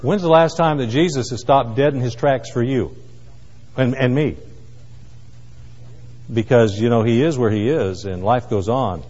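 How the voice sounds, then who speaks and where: Male preacher, dramatic loud-to-hushed delivery, long hall reverb, muffled sound. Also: mid-range voice, unhurried, long pauses. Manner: dramatic swings from loud cries to hushed asides. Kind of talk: sermon.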